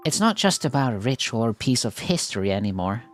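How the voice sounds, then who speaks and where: A man's voice: medium pitch, sing-song, brisk, soft background music, pitched below the performer's own voice, lightly acted. A man voicing an earnest teenage festival-club president. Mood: resolute. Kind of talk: reading a game story aloud with voices.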